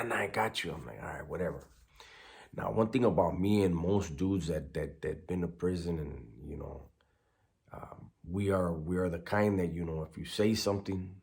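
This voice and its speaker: Deep-voiced man telling a prison story. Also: gravelly, darkish tone. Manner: laid-back street slang, sprinkled with Spanish words. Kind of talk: casual storytelling.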